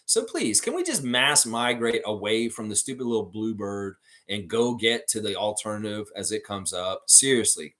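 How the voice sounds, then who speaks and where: A man's voice: lowish voice, normal speed, hardly any pauses. A man from Canada, hosting a fan livestream, chatting casually and bluntly with heavy swearing while reading viewer comments. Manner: animated, blunt and profane. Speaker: host of a basketball fan livestream. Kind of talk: casual live-stream chat reading comments.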